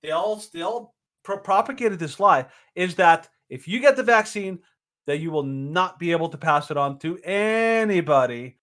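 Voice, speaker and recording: A man's voice: high-pitched, animated, moderate pace, fairly bright tone. A man co-hosting a casual opinion podcast, rambling with many fillers and restarts. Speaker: podcast co-host.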